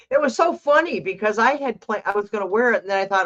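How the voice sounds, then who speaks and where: A woman's voice: mid-range voice, expressive, fast talker, fairly bright tone, lo-fi sound. An older woman hosting a tarot livestream, chatting casually, reading out viewer comments and talking to her cat.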